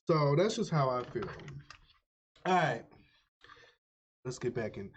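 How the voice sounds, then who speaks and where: A man streaming live, chatting casually with his viewers, animated and swearing freely as he reacts to a video. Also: mid-range voice, slow pace, a little hiss or hum. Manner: animated, swearing, talks to chat. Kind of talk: casual chat. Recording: dull lo-fi stream audio.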